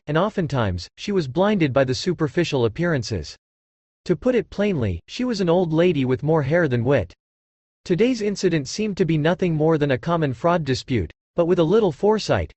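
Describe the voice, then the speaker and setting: A man narrating an audiobook in a steady storytelling read. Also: on the high side, dry recording. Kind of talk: scripted narration.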